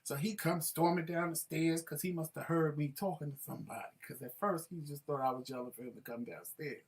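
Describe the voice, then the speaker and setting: A man's voice: a little high, a little fast, vocal fry, low-quality recording. A man co-hosting a talk show, telling a home story in casual chat and acting out the voices in it. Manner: animated, acts out voices in anecdotes.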